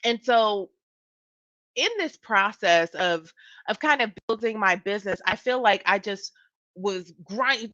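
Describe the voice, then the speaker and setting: A woman in her thirties, a business coach hosting her show, telling a personal story in a lively, laughing way with lots of repetition. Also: medium pitch, normal speed, no echo, highs cut off. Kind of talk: casual solo talk to camera.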